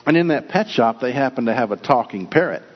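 A man's voice: mid-range voice, expressive, quick pace, slightly rough. A man preaching a sermon in an earnest storytelling manner, often restarting his phrases. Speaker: pastor. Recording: lo-fi with long hall reverb.

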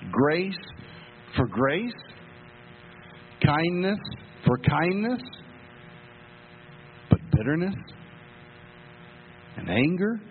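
A male pastor delivers a sermon at an unhurried pace, leaning into repeated phrases as he tells a story. The sound is narrow and phone-like, with long reverb from the church hall and a faint mains hum underneath. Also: a little high, very animated. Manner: storytelling preacher, emphatic, with repetitions. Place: church sanctuary.

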